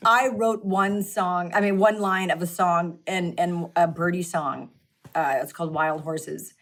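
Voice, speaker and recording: A woman's voice: fairly low pitch, fairly even intonation, measured pace, fairly bright tone. A woman in her fifties, chatting as a podcast guest in a casual, self-deprecating way and laughing easily. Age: 50s. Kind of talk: casual interview chat.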